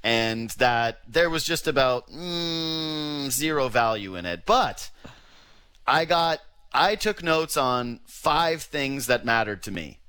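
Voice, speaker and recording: A man's voice: medium pitch, expressive, slow, pushed and bright, clean tone, no room sound. A man hosting a sports radio podcast, talking casually and ranting in exasperation, with the odd swear.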